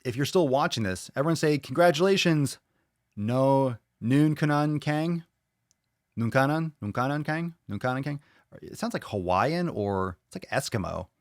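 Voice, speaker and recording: Dude hosting a podcast, blunt and sweary, mid-range voice, dry close sound. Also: male voice, mid-range voice, fairly quick, no room sound. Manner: blunt, profane, animated, reads comments aloud and reacts. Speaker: podcast host. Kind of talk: casual podcast chat reading viewer comments.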